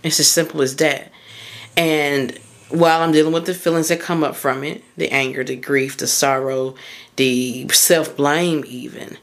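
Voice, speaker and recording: Unhurried and deep-voiced, with fairly even intonation, a mindset coach hosts her podcast in a casual, candid way. She tells personal stories in a loose, filler-heavy motivational monologue.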